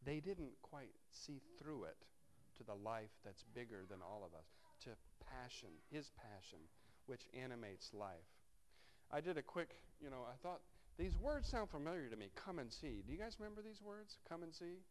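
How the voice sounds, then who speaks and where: A man's voice: medium pitch, big pitch swings, normal speed. A man preaching a sermon, reading scripture aloud and breaking off into wry, conversational asides to his congregation. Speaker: pastor.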